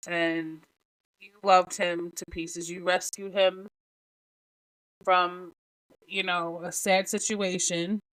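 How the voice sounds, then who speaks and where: A woman hosting a podcast, talking alone in a halting, emotional way with many restarts, close to tears. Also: on the low side, little pitch movement, a bit bright, low-quality recording. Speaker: podcast host. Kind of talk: solo podcast talk.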